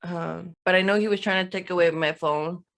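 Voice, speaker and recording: A woman's voice: on the low side, fairly even intonation, fairly quick, gravelly, a bit bright. A woman, a podcast guest, telling a personal story in casual conversation.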